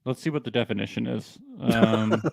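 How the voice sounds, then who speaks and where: A man's voice: medium pitch, fairly even intonation, moderate pace, creaky, a little mellow, no room sound, studio quality. A man co-hosting a casual show recap podcast, jokey and laughing often. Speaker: podcast co-host.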